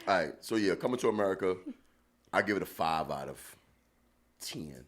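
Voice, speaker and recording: Loud joking guy on a podcast, voice jumps all over. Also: deep voice, lively intonation, moderate pace. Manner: loud, joking, says "son" a lot. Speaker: podcast co-host. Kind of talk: casual comedy podcast banter.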